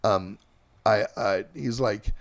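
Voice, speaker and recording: A middle-aged man hosting a podcast, telling band stories in a halting, casual way with lots of fillers and restarts. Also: on the low side, gravelly, no echo, clean studio sound. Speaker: podcast host and band singer. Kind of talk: casual rambling storytelling.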